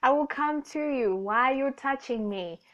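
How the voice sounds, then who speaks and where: A young woman talks through a loose, jokey podcast monologue. She circles back on her thoughts and corrects herself mid-sentence. Her voice sits a little high, and the recording sounds dull and lo-fi. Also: moderate pace, fairly bright tone. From Namibia. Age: young adult. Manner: rambling, self-correcting, laughs often, jokey. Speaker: podcast host. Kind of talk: casual monologue.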